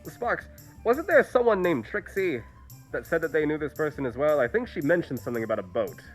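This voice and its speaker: A man's voice: fairly high pitch, big pitch swings, brisk, faint music behind. A man playing a character in a tabletop game, speaking politely and hesitantly. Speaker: player.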